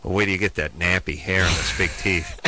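A man hosting a call-in radio show, bantering and joking in an animated way. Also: low voice, a little fast. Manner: animated, joking, loud bursts of mock outrage.

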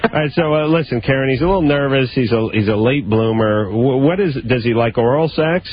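A man's voice: mid-range voice, brisk, husky. A man hosting a call-in radio show, blunt, teasing and crude with his callers. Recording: lo-fi radio broadcast.

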